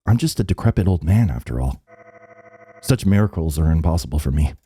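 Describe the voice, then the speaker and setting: A man voicing a meek, soft-spoken old male stranger who talks in a timid, halting way. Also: extremely low pitch, expressive, husky, voice pushed down, exaggerated voice. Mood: nervous.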